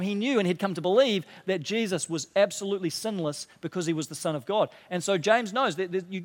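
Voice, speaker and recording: A man preaching a sermon as pastor, earnest, dropping low and quiet for emphasis and rising when stirred. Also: big-room sound.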